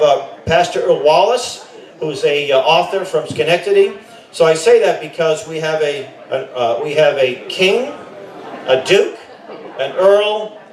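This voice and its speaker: High-voiced middle-aged man, echoey and distant. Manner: rambling, with frequent self-corrections and joking asides. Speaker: camp director speaking at a rally. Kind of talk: informal rally speech.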